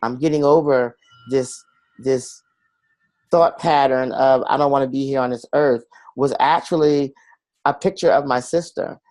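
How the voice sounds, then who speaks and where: A middle-aged man opens up in an interview, earnest and confessional, slipping into the voices of the people he quotes. His voice sits at an ordinary middle pitch. The recording is close and dry, with no room sound. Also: steady tone, a little slow, a little mellow, no echo. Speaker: guest. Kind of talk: personal storytelling in an interview.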